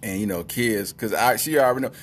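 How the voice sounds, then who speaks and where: A man's voice: fairly low pitch, fast talker, husky. A man telling a family story in a casual, slangy monologue, laughing at his own tale.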